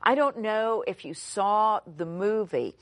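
A woman's voice: mid-range voice, animated, slow pace, no room sound, clean studio sound. A woman giving an earnest sermon-style Bible teaching, emphatic and repeating her key phrases.

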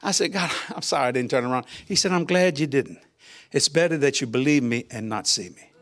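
An older man, a minister, telling a lively personal testimony in a colloquial way, laughing often and jumping his pitch when he quotes people. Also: a little fast. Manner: animated, laughing, colloquial, voices quotes with big pitch jumps. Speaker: guest minister. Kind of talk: testimony storytelling.

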